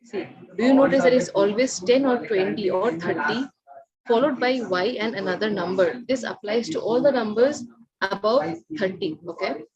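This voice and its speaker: A woman teaching a Spanish class, explaining a rule and often asking the students whether it is clear and urging them to raise their hands. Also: fairly high pitch, normal speed, muffled recording, a crowd in the background. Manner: repeatedly checks understanding, coaxing students to raise hands. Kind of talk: online class lecture. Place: classroom or online class session.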